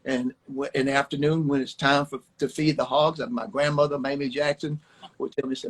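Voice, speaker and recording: In a storytelling chat streamed live from his home, an older Alabama man and ex-ballplayer rambles through homespun tales, repeating words as he goes. His mid-range voice is level and brisk. Picked up by a phone, the low-quality recording has slight background noise.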